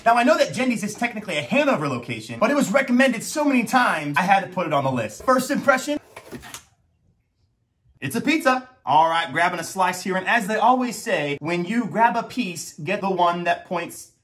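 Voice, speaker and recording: Animated jokey young man reviewing pizza. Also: high voice, normal speed. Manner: jokey and theatrical, hype-man announcements. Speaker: food vlogger. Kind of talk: upbeat pizza review vlog.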